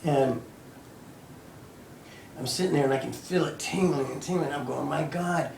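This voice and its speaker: A man in his fifties telling his own story as personal testimony, halting and sporadic, with many restarts. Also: fairly high pitch, vocal fry, darkish tone, a little hiss or hum. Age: 50s. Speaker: storyteller recounting his own near-death experience. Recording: echoey room, voice heard from a distance.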